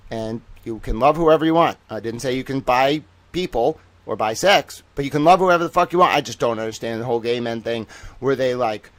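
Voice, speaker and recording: A man hosting an independent news livestream, reading through court documents with excitable, profane commentary that swings between loud outbursts and low muttering, and slowing right down for the big reveals. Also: dry recording. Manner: slow, drawn-out announcer-style delivery for the big reveals. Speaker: independent journalist and show host.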